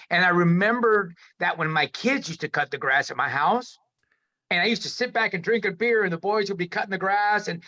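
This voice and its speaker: A man's voice: sits high, bright, forceful tone, dull audio. A man telling his recovery story as an interview guest, in an emphatic, candid way with frequent swearing and restarts.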